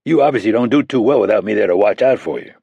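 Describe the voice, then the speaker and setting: A man's voice: lowish voice, animated, fast talker, creaky, dark tone, husky, no echo, heavily acted. A man voicing a recovering wounded male special-ops soldier who talks in blunt, joking banter. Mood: earnest.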